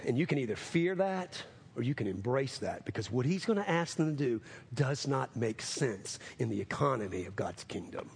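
A man preaching a sermon, building from steady teaching to impassioned calls, repeating phrases for emphasis. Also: medium pitch, normal speed, gravelly, slightly rough. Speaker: pastor.

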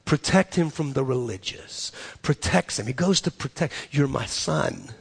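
Husky gravelly guy giving a sermon, lively preaching, says things twice for emphasis. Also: medium pitch, unhurried. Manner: animated preaching, repeats phrases for emphasis. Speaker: pastor.

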